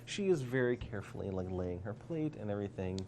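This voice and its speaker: A man narrating a tabletop game as game master, animated with many fillers. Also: fairly low pitch, quick pace, slight background noise.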